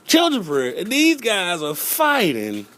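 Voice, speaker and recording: A man's voice: high voice, huge pitch swings, unhurried, pushed and bright. A man doing stand-up storytelling about growing up in church, playful and acting out little voices, often repeating a catchphrase. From North Carolina. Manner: playful, repeats "I'm just saying", acts out voices. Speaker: comedian.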